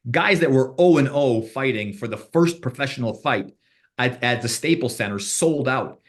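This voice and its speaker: A man's voice: medium pitch, animated, moderate pace. A man being interviewed on a podcast as a boxing manager, telling rambling stories with restarts and quoted back-and-forth dialogue.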